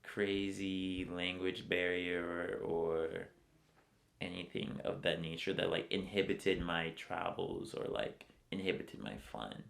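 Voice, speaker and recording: A man's voice: low voice, slow, gravelly, a bit bright. An American man talking casually in an interview, rambling and filling his speech with "like" all the time. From United States. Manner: rambling, fills with "like" constantly. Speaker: interviewee, traveler.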